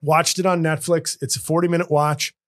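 A man's voice: on the high side, level tone, fairly quick. A man hosting a comedy podcast, talking casually in rambling, self-interrupting runs with joking asides. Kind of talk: casual chat.

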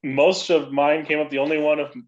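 A man guesting on a casual podcast, retelling scenes in an animated way and laughing as he goes. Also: a little high, fairly quick, lo-fi sound.

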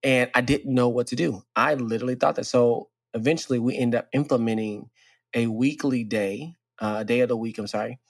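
Animated man telling a candid story. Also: mid-range voice, brisk, vocal fry, no echo. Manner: animated storyteller, laughs often, voice jumps up when quoting. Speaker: podcast co-host. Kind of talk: candid casual conversation.

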